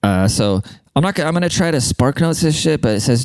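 A man's voice: mid-range voice, animated, rapid-fire, a little mellow, clear, resonant tone, no room sound. A man ranting in a casual monologue, blunt, profane and mocking.

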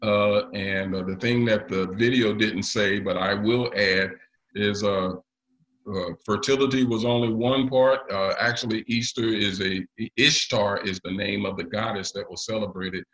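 A man preaching a sermon to his congregation, often pausing with fillers. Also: on the low side, fairly even intonation, fairly bright tone, rough recording. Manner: leads the congregation in call and response; halting, with frequent pauses and fillers. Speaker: pastor.

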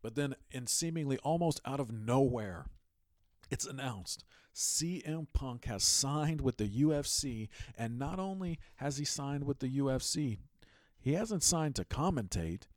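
A man's voice: medium pitch, a little slow, no room sound, clean studio sound. A man hosting a sports podcast, giving casual, emphatic commentary and telling stories with energy. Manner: animated, emphatic storytelling. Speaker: podcast host.

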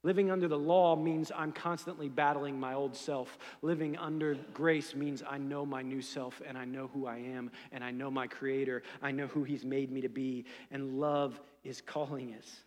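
A middle-aged man preaching a sermon in a church sanctuary, conversational and animated, full of fillers and asides. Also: medium pitch, normal speed, few pauses, long reverb tail. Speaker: pastor.

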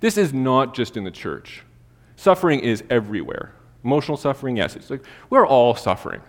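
A man's voice: mid-range voice, big pitch swings, fairly quick. A man preaching a sermon, telling a casual personal story full of fillers before turning to scripture. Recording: long hall reverb.

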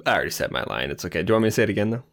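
A man co-hosting a tabletop game podcast, bantering casually and laughing at his own bits. His voice is lowish, with a gravelly edge. His pitch bounces around animatedly. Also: sing-song, very fast, fairly bright tone. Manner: self-amused and laughing. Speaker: player and co-host.

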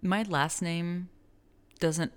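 A woman's voice: on the low side, fairly even intonation, drawn-out words, clear, resonant tone. A woman from New Mexico co-hosting a podcast, talking casually and rambling, correcting herself and laughing often. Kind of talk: casual conversation.

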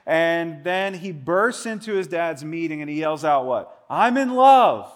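Conversational pastor with a slightly high voice. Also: male voice. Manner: conversational, animated, quick asides. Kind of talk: sermon.

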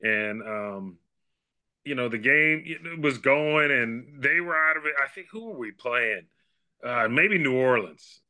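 Bright-voiced man telling a story. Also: mid-range voice, unhurried. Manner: animated storyteller, acts out quoted dialogue. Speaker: guest, baseball scout and former player. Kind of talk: casual storytelling interview.

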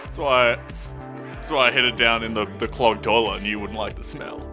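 A man playing a tabletop game who tells his story in a halting, amused way. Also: mid-range voice, fairly even intonation, over music. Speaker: player.

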